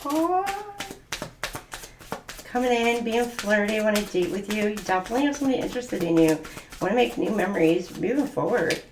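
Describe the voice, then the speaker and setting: A woman reads tarot cards in a loose, chatty way, giggling and gushing between thoughts. Her voice sits at a middling pitch. The room around her rings with noticeable echo. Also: lively intonation, moderate pace, background noise. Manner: giggly and gushing, many fillers. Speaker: tarot reader. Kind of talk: casual spoken tarot reading.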